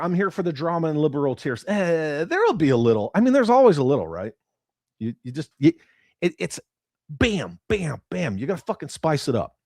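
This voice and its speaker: Male livestream host, blunt and profane, very animated pitch, dry close-mic sound. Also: dry recording. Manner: profane, blunt, quick swings between loud and muttered. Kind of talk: casual livestream chat reading viewer comments.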